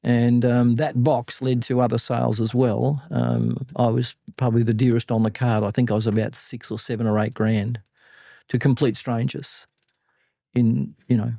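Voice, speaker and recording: Older Australian male mentor, warm-toned, animated raconteur, dry close sound. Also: mid-range voice, normal speed, gravelly, no room sound. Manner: animated anecdotes, blunt and salty. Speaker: podcast guest, business mentor. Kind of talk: casual interview storytelling.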